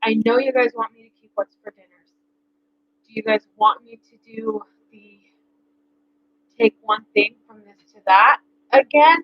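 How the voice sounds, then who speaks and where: A woman's voice: a little high, measured pace, vocal fry. A woman, a mom vlogger in casual chat to the camera, rambling with lots of fillers. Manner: chatty, rambling with many fillers. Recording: dry, dull lo-fi sound.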